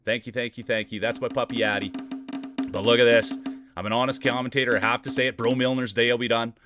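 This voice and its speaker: A man's voice: medium pitch, flat delivery, quick pace, music in the background. A man commentating marble races on a live stream, greeting viewers by name and hyping up close finishes. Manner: upbeat, greets chat viewers by name, hypes race finishes.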